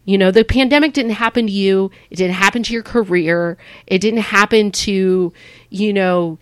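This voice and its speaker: A woman's voice: medium pitch, smooth, no room sound, clean studio sound. A woman stand-up comedian talking frankly in an interview, rambling and swearing casually. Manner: frank and rambling, acts out quoted voices. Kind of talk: candid conversational interview.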